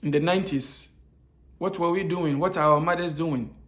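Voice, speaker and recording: Speaking at a moderate pace, this African man has a voice on the high side with fairly even intonation and a fairly bright tone. His informal nutrition talk is full of hesitation fillers, repeated key phrases, and rhetorical questions he answers himself.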